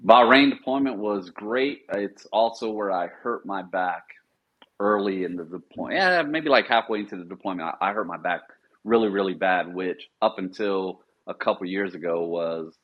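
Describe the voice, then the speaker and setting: A middle-aged man with a low voice recounts his time in the service in a casual interview. He slips into the voices of the officers he quotes, and his audio sounds dull and lo-fi. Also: moderate pace. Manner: animated storyteller, acts out quoted officers in a higher voice. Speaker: podcast guest, former Marine sniper.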